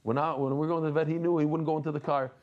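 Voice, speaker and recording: A middle-aged man giving a daily Talmud lesson, animated and jokey, mixing in Hebrew and Yiddish terms. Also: on the high side, racing, muffled recording. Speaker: Talmud teacher.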